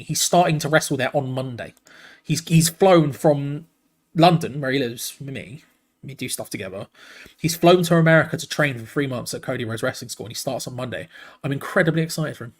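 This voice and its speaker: Excitable man doing a football watch-along. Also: on the high side. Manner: excitable, chatty, jumps between play-by-play and reading comments. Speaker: watch-along host and commentator. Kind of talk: live football watch-along commentary mixed with chat replies.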